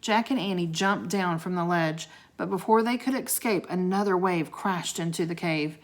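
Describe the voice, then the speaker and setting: A woman's voice: lowish voice, moderate pace. A woman reading a children's book aloud, with chatty asides to her listeners. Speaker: storybook reader.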